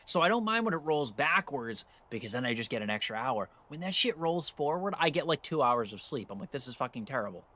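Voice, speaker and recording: During a casual gaming stream, an American man rants with lots of cursing, getting more and more worked up. His mid-range voice is bright and forceful, with big pitch swings, a slightly fast pace, and few pauses.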